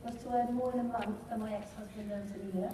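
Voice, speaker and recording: A woman's voice: mid-range voice, steady tone, fast, background noise. A middle-aged woman, giving a motivational talk to a live audience. She tells her story vividly and asks the crowd questions. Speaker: speaker at a business training event. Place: large hall with a live audience. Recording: echoey hall, voice from far off.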